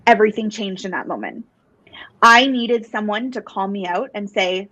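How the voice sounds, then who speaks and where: A woman's voice: medium pitch, normal speed, no room sound. Earnest woman, dull dry podcast audio. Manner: earnest, animated, with many fillers and restarts. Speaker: psychic medium and guest. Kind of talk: casual storytelling interview.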